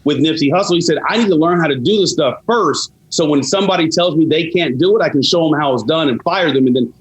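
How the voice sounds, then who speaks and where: A man talking as a podcast guest, telling stories in a measured, reflective way. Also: on the high side, breathy edge, poor audio. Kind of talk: casual podcast interview.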